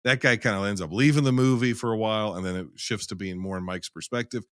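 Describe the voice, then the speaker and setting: A man's voice: on the low side, fast talker, fairly bright tone, clean tone, no room sound, studio quality. A man in a casual film-review chat, rambling and emphatic, who swears freely.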